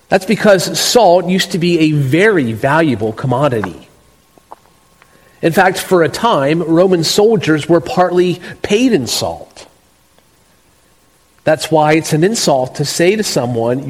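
A man preaching an expository sermon, measured and emphatic, with slow deliberate stresses. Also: on the high side. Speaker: pastor. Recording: long reverb of a large hall.

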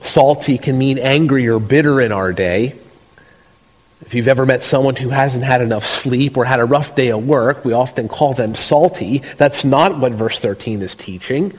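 A man preaching an expository sermon, measured and emphatic, with slow deliberate stresses. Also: mid-range voice. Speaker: pastor. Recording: long reverb of a large hall.

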